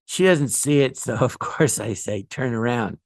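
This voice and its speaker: A man's voice: medium pitch, lively intonation, normal speed, gravelly, husky, no room sound, clean studio sound. A man telling rambling, funny anecdotes as a guest, often laughing at his own stories. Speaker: guest storyteller.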